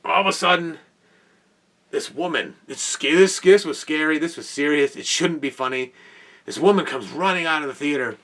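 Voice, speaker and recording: Bright-voiced man telling a wild story. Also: fairly high pitch, normal speed, distant mic. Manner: animated, laughing, exclamatory storytelling. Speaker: podcast host. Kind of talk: casual storytelling.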